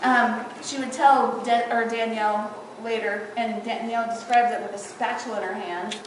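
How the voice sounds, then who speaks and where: With a slightly high voice, fairly even intonation and a moderate pace, an adult granddaughter remembers her grandmother in a funeral eulogy. She mixes tears and humor, laughing often as she recounts affectionate stories. Captured from far away in an echoey church, the audio carries a little hiss or hum.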